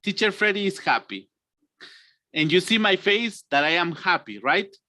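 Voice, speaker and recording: A man, teaching an online English lesson, acting out emotions and stretching words slowly. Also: high-pitched, big pitch swings, bright, forceful tone, no room sound.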